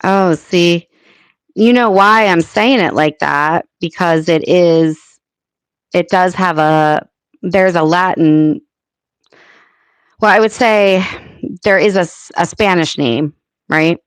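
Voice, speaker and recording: Slow-talking American woman hosting a live chat. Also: lowish voice, clear, resonant tone, dry recording. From United States. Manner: chatty, thinking aloud with many fillers. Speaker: livestream host.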